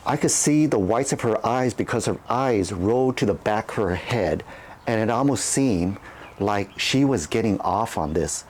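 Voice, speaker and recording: A man's voice: medium pitch, a little mellow. A man casually telling a candid personal story, rambling and restarting his sentences. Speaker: channel host.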